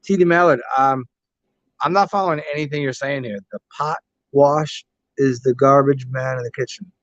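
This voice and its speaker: A man's voice: medium pitch, steady tone, moderate pace, no room sound. Man, American, casual livestream chat, swears a lot, rambles, dry muffled lo-fi sound. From United States. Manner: profane, joking, rambling with many restarts. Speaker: livestream host reading chat. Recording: dry, dull lo-fi stream audio.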